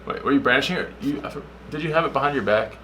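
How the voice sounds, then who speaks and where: A man's voice: medium pitch, very fast, a little hiss or hum. A young man co-hosting a casual podcast, chiming in with details and side comments. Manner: chatty, adds details, relaxed interjections. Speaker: podcast co-host. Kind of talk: casual chat.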